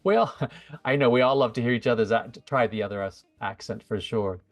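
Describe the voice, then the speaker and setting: A man's voice: mid-range voice, moderate pace, no room sound. A middle-aged American man, a guest on an interview show, talking casually and rambling with fillers and restarts. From USA. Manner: chatty, rambling with fillers and self-corrections. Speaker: guest, psychic medium.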